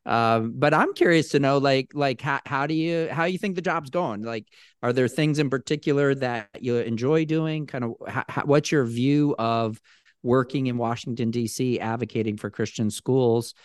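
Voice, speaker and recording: Male co-host; chuckly, stammering delivery; smooth, resonant tone on a dead-dry mic. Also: medium pitch, normal speed, dry recording. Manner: laughs often, stammering restarts. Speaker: co-host, boss. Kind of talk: casual podcast interview.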